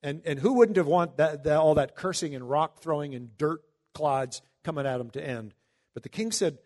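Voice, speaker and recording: A man preaching a Bible-teaching sermon in a conversational way, reading scripture slowly and breaking into emphatic asides. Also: on the high side, darkish tone. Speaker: pastor.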